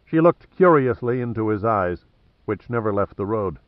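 Man reading a thriller audiobook, low voice, dry dull-ish recording. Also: lively intonation, moderate pace, dry recording. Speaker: audiobook narrator. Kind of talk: scripted narration.

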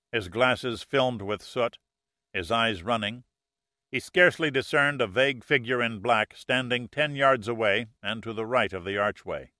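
A man narrating an action audiobook in a steady, measured storytelling manner. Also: lowish voice, no room sound, studio quality. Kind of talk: scripted narration.

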